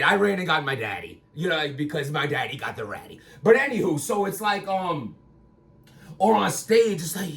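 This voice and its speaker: A battle rapper talking in a rambling casual commentary, bursting into loud emphatic lines. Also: male voice, high-pitched, expressive, normal speed, gravelly, far from the mic.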